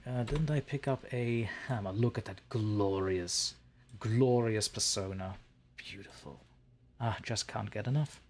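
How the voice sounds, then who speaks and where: A man's voice: on the low side, measured pace, darkish tone, a little hiss or hum. A man hosting a let's play, joking and sarcastic as he talks to the creatures in the game. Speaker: gaming channel host.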